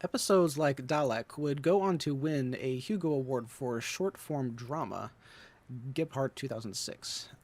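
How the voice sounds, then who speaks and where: An American man reading passages aloud for a podcast, quick and light in his delivery, taking casual breaks to chat. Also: mid-range voice, a little mellow. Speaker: co-host reading quoted passages.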